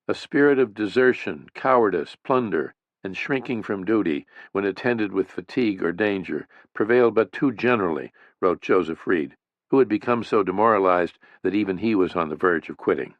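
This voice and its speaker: A man narrates a history audiobook in a measured, even way, his voice sitting on the lower side. The sound is dry, with no room around it. The top end is a little muffled and dull. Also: no echo. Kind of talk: scripted narration.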